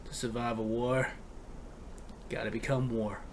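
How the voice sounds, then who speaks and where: Dude putting on a low growly villain voice, slow and ominous. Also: male voice, flat delivery, lightly acted. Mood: menacing.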